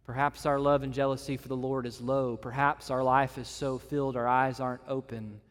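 A man's voice: medium pitch, flat delivery, fairly quick. A pastor preaching a sermon to his church, earnest and building his points through repeated phrases and lists. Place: church meeting room. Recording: long reverb of a hall.

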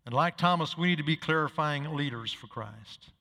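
Bright-voiced male pastor preaching in a hall. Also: a little high, moderate pace, vocal fry. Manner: storytelling, acts out dialogue, rises to emphatic peaks. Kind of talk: sermon.

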